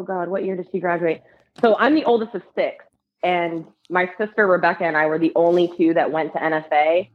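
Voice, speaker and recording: Female podcast guest, talkative, slightly dull recording. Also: on the low side. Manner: chatty, laughing along. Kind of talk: casual chat.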